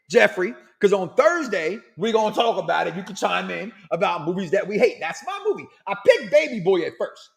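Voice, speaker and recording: A middle-aged man hosting a casual talk show, loud and animated, reading out listener comments and laughing often. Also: high voice, gravelly. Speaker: podcast host.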